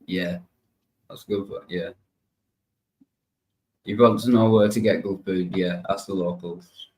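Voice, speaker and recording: A woman's voice: a bass voice, steady tone, unhurried, dark tone, rough recording. A woman in casual chat who laughs often and sums things up in short remarks.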